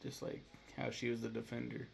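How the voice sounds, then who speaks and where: A young man with a gravelly voice chatting casually to camera, rambling, swearing freely and acting out scenes in quick voices. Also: medium pitch, completely flat delivery, slight background noise. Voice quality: gravelly fry. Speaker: YouTuber ranking movies. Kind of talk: casual vlog chat to camera. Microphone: camera mic, talking to camera.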